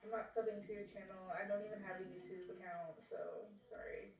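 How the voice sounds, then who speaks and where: A woman's voice: mid-range voice, steady tone, brisk, crowd noise. A woman on a livestream video call, chatting casually in a rambling, filler-heavy, blunt way. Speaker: livestream guest. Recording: echoey and distant, off-mic.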